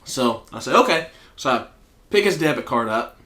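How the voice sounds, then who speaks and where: Southern man, podcast co-host, cussing storyteller, mid pitch, roomy echo. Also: normal speed. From American South. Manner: profane, animated storyteller acting out quotes. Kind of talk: casual storytelling chat. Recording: echoey room.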